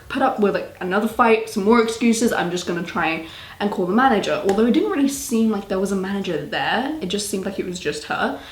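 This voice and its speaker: A young woman with a British accent telling a storytime vlog in an animated, exasperated way. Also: medium pitch, roomy sound. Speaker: vlogger.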